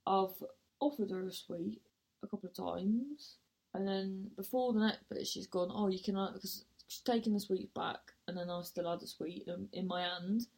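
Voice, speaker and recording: A woman's voice: medium pitch, normal speed, darkish tone, breathy edge. A woman, a comedian and actor, telling a rambling story with self-mocking asides and casual swearing.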